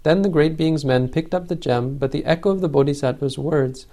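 A man reading an old legend aloud as a storyteller, in a measured, solemn way. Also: a little high, warm tone.

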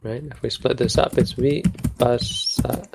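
A man's voice: mid-range voice, fairly even intonation, measured pace, gravelly, background noise. A man teaching a language lesson in a casual, joking way, stopping to correct himself as he goes. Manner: informal, self-correcting, joking.

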